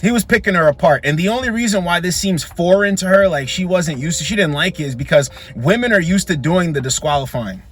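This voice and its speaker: A man's voice: sits high, animated, a little fast, few pauses, a bit bright. A man hosting dating commentary, reacting to clips in a blunt, opinionated way with emphatic repetition.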